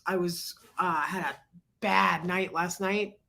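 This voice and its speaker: A congested woman, sick but hosting a casual livestream anyway, chats and calls out viewers by name between coughing fits. Her low, husky voice swings widely in pitch, sounds pushed and bright, and moves a little slowly.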